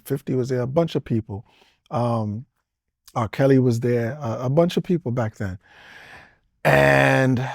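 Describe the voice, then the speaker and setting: A man's voice: medium pitch, darkish tone, no room sound, clean studio sound. A man in his forties, originally from the Caribbean, talking as an interview guest in a loose, rambling way that jumps between topics and is broken up by chuckles. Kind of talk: casual storytelling interview.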